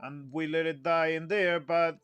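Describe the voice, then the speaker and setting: A man's voice: a little high, fairly even intonation, unhurried, dull audio, loud music behind the voice. A man giving an instrument lesson, explaining phrasing patiently, humming example phrases and counting the group in. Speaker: music teacher.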